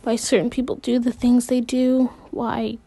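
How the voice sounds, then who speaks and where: Woman reader doing a mild middle-aged storybook dad, soft and a bit awkward, slow and dry. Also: on the high side, level tone, no room sound. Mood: gentle. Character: awkward middle-aged father, gently probing.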